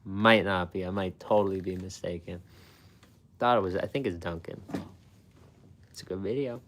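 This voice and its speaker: A man chats loosely with his viewers, his voice sitting low and deep. He rambles, swears freely and breaks into laughter often, his talk full of "like" and restarts. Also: steady tone, normal speed, fairly bright tone, a little hiss or hum. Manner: rambling and profane, laughs often, many fillers. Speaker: food channel host. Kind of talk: casual live-stream chat with viewers.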